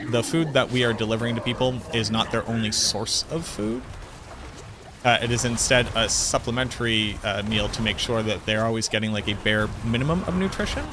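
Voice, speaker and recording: A man's voice: fairly low pitch, noisy background. A man streaming a game, chatting casually in a rambling, talkative way and correcting himself mid-sentence. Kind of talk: casual chat while gaming.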